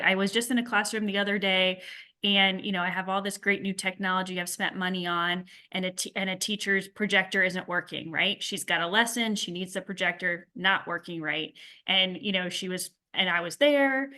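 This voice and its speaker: A middle-aged woman with a bright, ringing tone speaks to parents at a school workshop. She talks in a loose, conversational way, full of fillers and restarts. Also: mid-range voice, fairly even intonation, normal speed. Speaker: school staff member.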